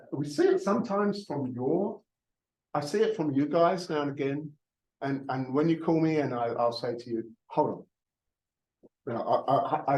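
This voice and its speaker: A man's voice: medium pitch, darkish tone, poor audio. A man in his fifties, a real estate broker giving a jokey, self-mocking training talk to a live audience, often restarting his words.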